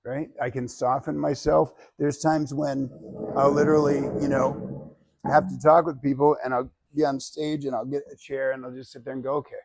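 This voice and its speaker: A man teaching public speaking to a live class in an energetic, conversational way, often checking in with "right?". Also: mid-range voice, moderate pace, vocal fry, husky. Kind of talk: classroom lecture.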